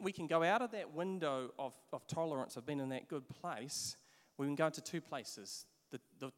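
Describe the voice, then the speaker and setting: New Zealand pastor with a light voice. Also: male voice, fairly high pitch. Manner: storytelling, animated, with laughs and repeated restarts. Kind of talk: sermon. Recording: long hall reverb.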